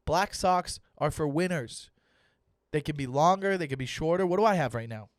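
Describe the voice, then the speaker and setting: Brief: young male comic, solo podcast rant, emphatic and profane, slightly high voice, dry close sound. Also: no room sound. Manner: loud, emphatic, profane and mock-serious. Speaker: comedian hosting his own podcast.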